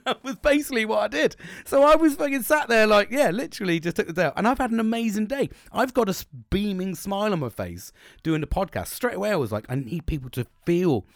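A man's voice: high voice, lively intonation, fast talker, vocal fry, no echo, clean studio sound. A young man hosting a casual solo podcast, rambling and swearing a lot, laughing often. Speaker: podcast host.

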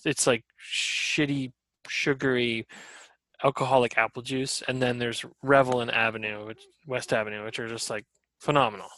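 Laughing man with a bright voice. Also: mid-range voice, moderate pace, no room sound. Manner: animated storyteller, laughs often, swears casually. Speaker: podcast co-host. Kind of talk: casual chat.

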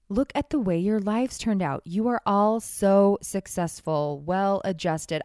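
A woman's voice: medium pitch, no echo, studio quality. A young adult woman telling a personal story in a candid, wry manner, acting out the voices of the people she quotes.

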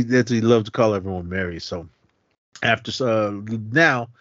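A man's voice: on the low side, moderate pace, fairly bright tone, dry recording, muffled recording. A male podcast co-host casually recapping a movie in a rambling way, with lots of fillers, acting out the dialogue as he goes. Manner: rambling retelling full of fillers and acted-out dialogue.

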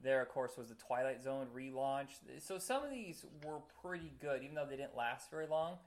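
A man chatting casually as a podcast co-host, rambling with many fillers and quick to laugh. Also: medium pitch, animated. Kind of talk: casual chat.

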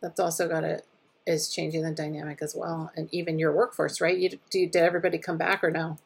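A woman co-hosting a podcast, talking through a topic casually and thoughtfully, often pausing to restart her sentences. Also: low-pitched, little pitch movement, vocal fry, husky. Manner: thoughtful, hesitant, with many restarts. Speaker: podcast co-host. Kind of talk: casual discussion.

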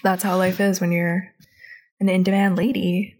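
A woman's voice: on the low side, little pitch movement, normal speed, a little mellow. A young woman in casual chat, retelling a cartoon episode with lots of "like" and acting out the characters' lines. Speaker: podcast co-host.

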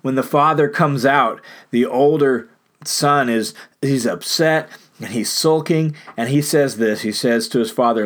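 A man's voice: medium pitch, a little slow. An earnest man preaching a sermon, retelling a story with emphatic repetition. His voice sits in a plain middle range for a man, and he builds his points steadily phrase by phrase. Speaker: pastor.

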